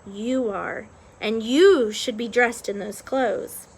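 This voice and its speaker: A woman reading aloud and voicing a sly, scheming male rat who speaks in a hushed, coaxing way. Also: a little high, slow pace, slightly rough, full character voice.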